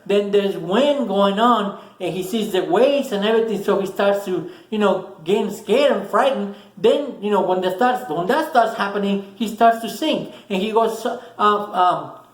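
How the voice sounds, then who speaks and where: A man's voice: high voice, moderate pace, hardly any pauses, roomy sound, rough recording. A man giving a casual, earnest motivational talk to camera, repeating words for emphasis. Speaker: motivational vlogger.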